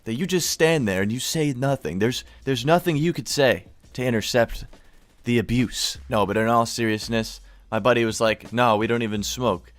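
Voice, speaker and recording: Profane young stoner vlogger. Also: male voice, medium pitch, normal speed. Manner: loose, profane, stoner slang. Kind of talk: casual storytime commentary.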